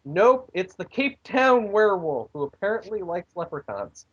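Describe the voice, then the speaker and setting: A man's voice: sits high, sing-song, normal speed, a bit bright, breathy edge, muffled recording. A man co-hosting a casual podcast, rambling through a wrestling recap with filler words and goofy voices.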